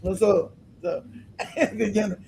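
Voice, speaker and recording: A man hosting a livestream, giving loud, blunt commentary that he keeps breaking up with laughter. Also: high voice, steady tone, slow, vocal fry, slight background noise. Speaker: livestream host.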